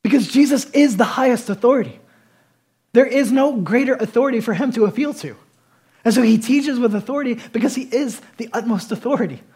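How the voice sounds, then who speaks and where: A man preaching a sermon as pastor, swinging between emphatic loud declarations and quieter conversational asides. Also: very high-pitched, fairly quick, breathy edge.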